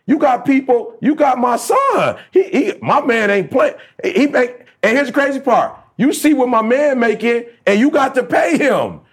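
High husky guy preaching hustle on a podcast, swings his pitch all over, yells now and then. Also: sing-song, moderate pace, hardly any pauses. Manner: fired-up motivational talk, preachy and emphatic, sometimes shouting. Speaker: podcast co-host. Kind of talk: casual podcast chat.

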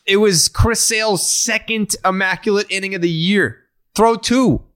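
A man's voice: high voice, moderate pace, a bit bright. A man hosting a sports podcast, ranting in a profane, emphatic way during casual chat. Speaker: podcast host.

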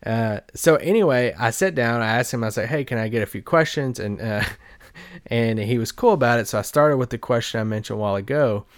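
A man's voice: medium pitch, expressive, brisk, dry recording, studio quality. Rambling man telling a podcast story. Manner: rambling, laughs often while telling the story. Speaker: podcast host and sports reporter. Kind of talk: casual anecdotal storytelling.

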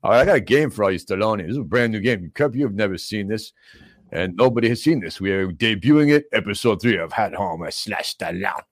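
A man's voice: fairly low pitch, expressive, a little fast, no room sound, studio quality. A man doing a mumbling action-star impression. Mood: bragging, gruff. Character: mumbling, boastful male action-movie star, middle-aged. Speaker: comic talk show host. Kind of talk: comedic celebrity impression.

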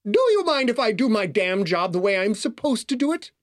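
A man's voice: on the high side, big pitch swings, normal speed, vocal fry. A man voicing a cultured, buttery-voiced male satyr butler with a prissy, put-upon manner. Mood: peeved.

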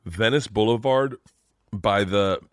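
رجل منفعل يروي القصص بصوت منخفض وجاف. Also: male voice, lowish voice, takes it slowly, no room sound, clean studio sound. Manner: animated, swearing, acts out quoted voices. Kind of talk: casual podcast storytelling.

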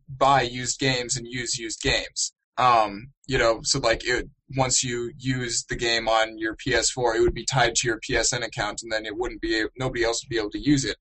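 A man's voice: mid-range voice, bright, forceful tone, poor audio. A young man hosting a casual gaming podcast, rambling and joking with plenty of fillers. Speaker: podcast host.

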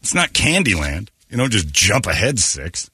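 A man hosting a morning radio show, telling jokey stories with loud put-on impressions. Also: lowish voice, big pitch swings, moderate pace, husky, no room sound, studio quality. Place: radio studio.

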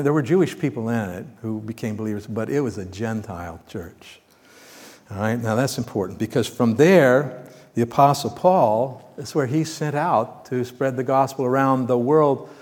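A man preaching a sermon, teaching through scripture in a conversational way, asking his listeners questions and swinging between loud emphatic bursts and quiet asides. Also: medium pitch. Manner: conversational, asks the congregation questions. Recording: long reverb of a large hall.

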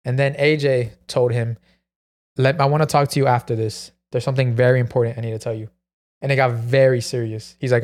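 A man's voice: mid-range voice, flat delivery, fast, a little mellow. A man telling a long story in casual podcast chat, full of "like" and "bro". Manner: rambling, peppered with "like" and "bro". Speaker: podcast co-host.

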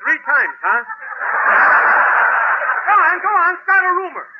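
An actor playing a touchy, argumentative male cab driver in a 1940s radio comedy, goading and quick to take offense. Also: very high-pitched, big pitch swings, exaggerated voice. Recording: muffled old radio broadcast, loud hiss.

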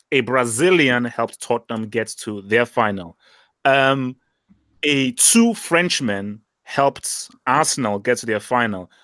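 A man's voice: mid-range voice, fairly bright tone, no room sound. A man co-hosting a football podcast, talking in a blunt, fired-up rant. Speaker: podcast co-host. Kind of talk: casual chat.

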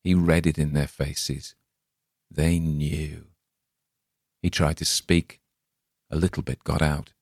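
A man narrating a dark short story in a measured, ominous reading. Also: rumbling low, little pitch movement, no echo, studio quality.

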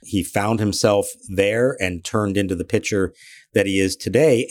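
A male podcast co-host giving casual analysis in a thoughtful, measured way. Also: lowish voice, no echo.

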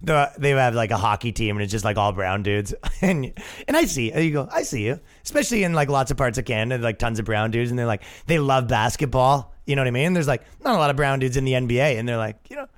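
Man, comedian, podcast host, casual comedic riffing, lively swinging pitch, medium voice. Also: fast. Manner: animated, riffing, slips into put-on voices.

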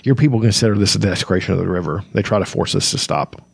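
A man with a low, creaky, husky voice reads fantasy novel passages aloud at a fast clip, tripping over words and summarizing between them with lots of ums and uhs. It's a casual book reading with commentary, recorded with no room sound.

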